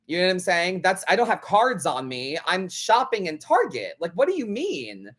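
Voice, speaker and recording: A man's voice: sits high, huge pitch swings, normal speed, sharp tone. Sassy tarot guy on a live stream, blunt, cusses, voice bounces up and down a lot. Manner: blunt, sassy, swears freely, acts out other people's lines. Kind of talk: casual live-stream chat.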